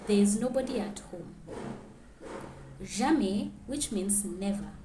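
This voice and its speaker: A woman teaching a grammar lesson, clearly reading out French example sentences and then translating them. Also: mid-range voice, expressive, slow pace, echoey room, noisy background.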